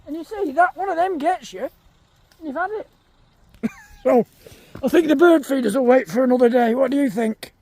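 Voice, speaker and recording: Chatty man, high gravelly voice. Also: normal speed, pauses often, mellow, no room sound. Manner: chatty, talks to animals and viewers. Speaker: vlogger. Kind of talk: casual vlog chat. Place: outdoors in a field.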